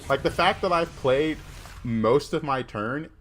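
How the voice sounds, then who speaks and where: A man's voice: a little high, a little slow, a bit bright, a little hiss or hum. A man from the southern US with a Southern accent, chatting casually while streaming a game and saying "like" often. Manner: chatty, filler-heavy with "like". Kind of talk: casual livestream commentary.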